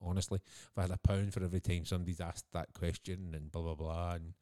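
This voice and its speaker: A Scottish man co-hosts a podcast in relaxed conversation. His voice sits very low, and he tells stories with easy laughter. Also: quick pace. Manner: chatty storyteller, laughs often. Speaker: podcast co-host. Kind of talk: casual chat.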